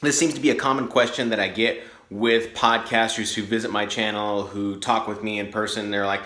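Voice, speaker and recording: A man with a bright, forward voice greets viewers in an upbeat, chatty way. He introduces the topic as a radio broadcaster and podcaster would. The room gives his voice a noticeable echo. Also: on the low side, steady tone, fairly quick. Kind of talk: video intro to camera. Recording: echoey room.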